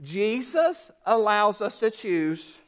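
A man delivers a sermon in a strikingly high voice. He speaks slowly and deliberately, stretching out his words. He swings from loud emphatic shouting to quiet, low asides. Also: very animated. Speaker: preacher.

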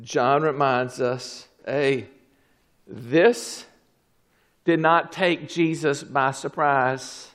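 A man preaching a fervent sermon, swinging from low murmurs to shouted exclamations. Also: fairly even intonation, extremely slow.

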